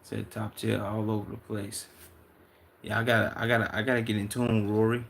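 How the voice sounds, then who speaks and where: A young man from Chicago, a livestreamer reading out and answering chat in loose, profane, excitable banter. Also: fairly low pitch, a little fast, gravelly, slight background noise.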